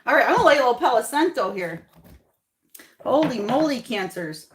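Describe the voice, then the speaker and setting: A woman's voice: a little high, sing-song, fairly quick, noisy background. A woman giving a casual tarot reading to camera, chatty and reassuring, often repeating her phrases. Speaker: tarot reader. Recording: echoey room.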